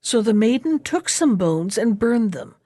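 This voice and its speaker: A woman reads an old fairy tale aloud at a slow, deliberate pace. Her voice sits a little high and sounds close and dry, with no room around it. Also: sing-song, mellow, dry recording. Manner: slow, measured reading with voiced characters. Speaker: storyteller. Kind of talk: storybook read-aloud.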